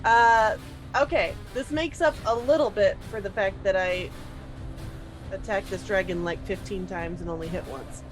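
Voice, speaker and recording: A woman's voice: medium pitch, normal speed, soft background music. A woman playing a tabletop game, chatty with many fillers and laughs. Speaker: player. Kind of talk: casual tabletop game play.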